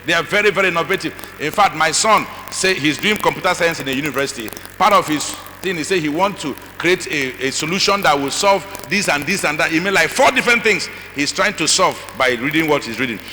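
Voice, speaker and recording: A middle-aged man speaking as a conference speaker, animated and acting out voices with asides to the audience. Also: fairly high pitch, a little fast, few pauses. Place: large conference hall. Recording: long hall reverb, faint noise.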